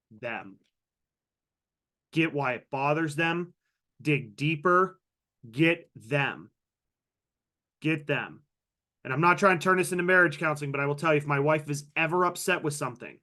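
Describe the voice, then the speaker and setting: A workshop trainer leads a live online training session on a video call, speaking in a fairly bright, high-leaning voice. Upbeat and conversational, he reads participants' names from the chat, calls on them, and shares personal stories.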